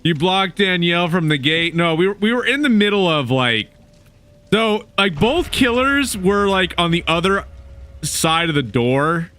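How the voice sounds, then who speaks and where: A man's voice: sits high, expressive, unhurried, bright, forceful tone. A man streaming a video game, chatting casually with viewers and teammates and laughing often. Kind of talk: casual gaming stream chat.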